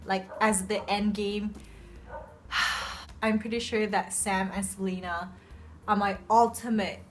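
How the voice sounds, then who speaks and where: A young woman chatting casually about books she loves, gushing and excitable, with lots of fillers. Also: mid-range voice, slight background noise. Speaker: book reviewer. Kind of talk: casual book review chat. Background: soft background music.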